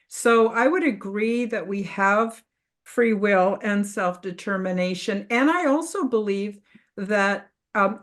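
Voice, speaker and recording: A woman in a casual spiritual panel discussion over a video call, speaking earnestly and reflectively with frequent fillers. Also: mid-range voice.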